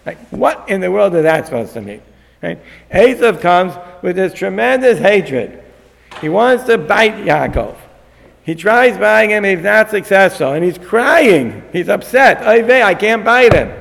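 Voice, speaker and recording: A man teaching a lecture on a Torah text, animated and acting out the figures in the story. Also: high voice, unhurried, gravelly. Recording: long hall reverb.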